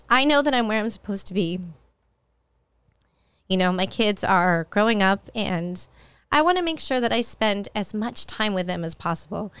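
A woman's voice: mid-range voice, clean tone, no room sound. A middle-aged woman hosting a solo podcast, talking in a candid, personal, conversational way. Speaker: podcast host.

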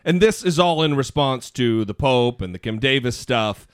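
A man co-hosting a podcast in casual chat, talking in an animated, self-deprecating, rambling way. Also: mid-range voice, moderate pace, clear, resonant tone, dry recording, clean studio sound. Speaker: podcast co-host.

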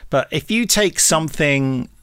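Bright-voiced Englishman telling a lively story. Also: fairly high pitch, measured pace, clean tone, no echo, studio quality. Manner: animated storyteller, full of restarts and asides. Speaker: podcast guest. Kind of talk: casual podcast chat.

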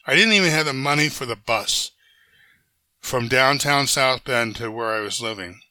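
Older man with a very bright voice. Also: medium pitch, moderate pace, dry recording. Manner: animated anecdote-teller who acts out quoted voices; frequent restarts and self-corrections. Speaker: interview guest. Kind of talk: conversational storytelling.

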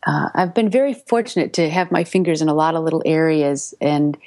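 A middle-aged voice actress tells animated career anecdotes in a relaxed interview. Her voice sits fairly low, and she leaps into much higher pitches whenever she acts out what someone said. The sound is dry and close, with no room echo. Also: a little fast. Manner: animated anecdote-telling, acting out quoted voices with big pitch jumps. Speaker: voice actress and audiobook narrator guest. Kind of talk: casual storytelling interview.

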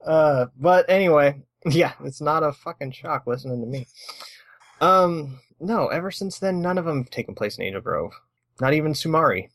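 A man's voice: fairly high pitch, lively intonation, moderate pace, a bit bright, no echo. A man co-hosting a podcast in casual chat, laid-back and dry-humored. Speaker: podcast co-host.

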